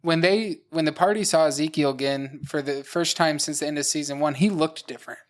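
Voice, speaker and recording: A man's voice: fairly high pitch, fairly quick. A man co-hosting a casual podcast chat, methodically explaining his game prep step by step with "uh" and "like.". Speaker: podcast co-host, dungeon master.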